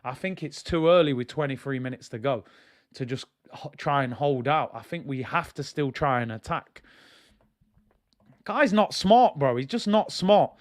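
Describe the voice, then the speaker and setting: A young man giving excitable, slang-heavy live commentary as he watches a football match, now and then bursting into shouts. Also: mid-range voice, normal speed. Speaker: football fan streamer.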